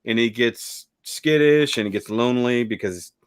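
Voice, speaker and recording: A man co-hosting a casual review chat, animated and jokey and quick to swear. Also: medium pitch, clean tone, no room sound. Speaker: co-host.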